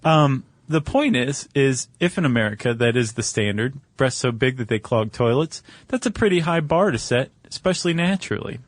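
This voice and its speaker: A man's voice: medium pitch, expressive, moderate pace, few pauses, no echo. A man co-hosting a podcast in casual chat, with a jokey, rambling manner, recorded dry in a studio. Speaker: podcast co-host.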